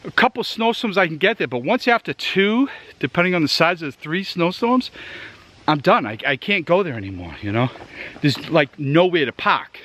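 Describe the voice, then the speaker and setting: Male vlogger, Massachusetts accent, slightly high and very animated pitch, rambling and winded outdoors. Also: normal speed. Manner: rambling, chatty, addresses viewers directly. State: out of breath from hiking. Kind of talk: casual rambling tour while hiking. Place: outdoors in the woods.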